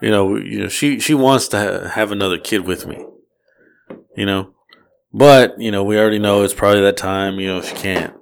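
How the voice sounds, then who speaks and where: A man's voice: fairly low pitch, fairly even intonation, a little fast, vocal fry, clean tone. A man in his forties in casual podcast talk, hesitant and full of restarts and "you know". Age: 40s. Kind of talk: casual chat.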